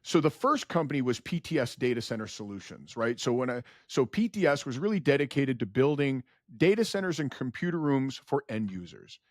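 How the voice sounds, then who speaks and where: A man in his forties, a company founder telling stories as a podcast guest in an earnest, animated way. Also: no room sound, clean studio sound. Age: 40s. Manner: earnest, animated storyteller, rises in pitch when emotional. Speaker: guest, data center founder. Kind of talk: podcast interview storytelling.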